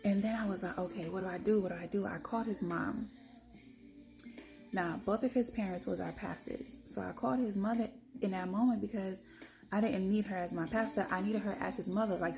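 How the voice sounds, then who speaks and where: Gravelly-voiced woman telling her story bluntly. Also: mid-range voice, fairly quick, over music. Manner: animated, blunt, swears freely, acts out others' lines. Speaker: storyteller recounting her own experience. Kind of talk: candid personal storytelling to camera.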